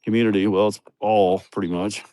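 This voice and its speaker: A man's voice: lowish voice, little pitch movement, fast talker, dark tone, no room sound, clean studio sound. Joking, foul-mouthed man on a phone. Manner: joking, blunt, profane storytelling. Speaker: livestream host. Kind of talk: casual livestream chat. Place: outdoors at a building site. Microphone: phone held in hand.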